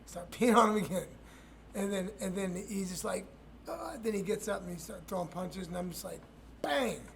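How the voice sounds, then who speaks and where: Gravelly high-voiced man telling rough stories. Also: slight background noise. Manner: profane, rambling, frequent restarts and laughs. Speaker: retired MMA fighter telling stories. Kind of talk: casual storytelling interview.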